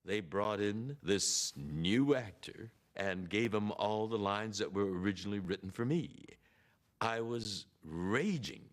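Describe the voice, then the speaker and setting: Low voiced man, slow and deliberate, kinda indignant about an old grudge. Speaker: interview guest, actor. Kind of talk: interview recollection.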